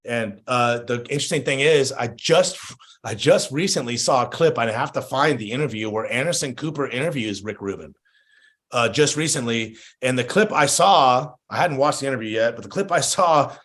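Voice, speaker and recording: A man's voice: medium pitch, animated, moderate pace, a bit bright. A man guesting on a podcast, chatting casually, laid-back, swearing freely and acting out the voices of people in his stories. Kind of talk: casual chat.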